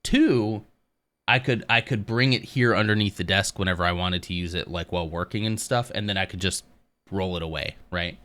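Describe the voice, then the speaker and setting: Speaking in a deep, smooth voice at a moderate pace, this man broadcasts a live stream from his home office. He keeps it casual and relaxed, rambling a little as he addresses the chat.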